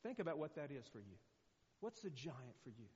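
A man's voice: medium pitch, very animated, a little fast, a little mellow. Older man preaching in an echoey hall. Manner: conversational, rambling with many fillers and restarts. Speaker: guest preacher. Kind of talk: sermon. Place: church hall. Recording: muffled echoey church recording.

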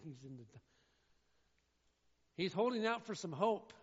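A man preaching a sermon, swinging between loud, emphatic declaiming and quieter asides. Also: high voice, animated, unhurried, husky. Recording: dull sound in a reverberant hall.

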